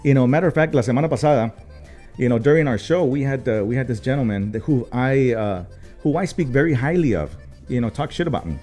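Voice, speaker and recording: A man's voice: medium pitch, animated, fast, warm tone, faint music behind. A man, co-hosting a casual talk show and telling a long story, with many fillers, swearing and switches into Spanish. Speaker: co-host.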